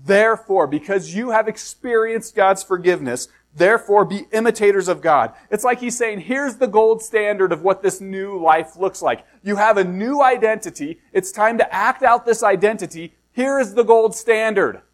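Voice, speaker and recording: A pastor with a high, light voice gives a sermon. He reads scripture in a slow, lowered tone, then shifts into casual explaining, asking his listeners questions and poking fun at himself. He sounds middle-aged. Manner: reads scripture slowly and low, then preaches conversationally with rhetorical questions; self-deprecating asides.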